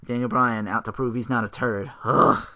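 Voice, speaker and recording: A man's voice: mid-range voice, fairly even intonation, moderate pace, sharp tone. A man hosting a solo podcast, recapping in a rambling, sarcastic way with fillers, restarts, profanity and weary sighs. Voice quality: sarcastic, profane, mocking impressions of wrestlers. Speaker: podcast host.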